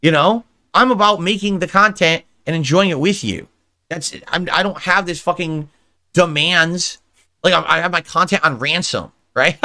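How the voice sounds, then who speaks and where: A middle-aged man streaming live, reading out viewer suggestions and tearing into them with an irritated, mocking rant. His voice sits a bit high for a man, with a bright, tense edge. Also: expressive, moderate pace, faint music behind. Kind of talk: livestream commentary.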